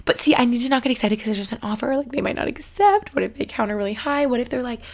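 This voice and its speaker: A woman in her twenties hosting a podcast in casual, excitable chat, with lots of filler words. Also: on the high side, racing. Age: 20s. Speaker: podcast host.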